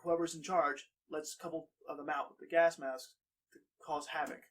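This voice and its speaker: Man, podcast co-host, higher pitch, speculative, halting, casual chat. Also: level tone, a bit bright. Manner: speculative, piecing ideas together with restarts.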